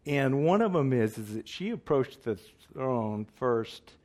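A man's voice: medium pitch, very animated, measured pace, darkish tone. A man preaching a sermon in earnest, emphatic style, asking his listeners questions.

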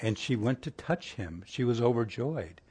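A man preaching a conversational sermon in a folksy way, asking his listeners rhetorical questions and sinking to a soft, hushed tone for tender passages. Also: medium pitch, animated, normal speed, breathy edge.

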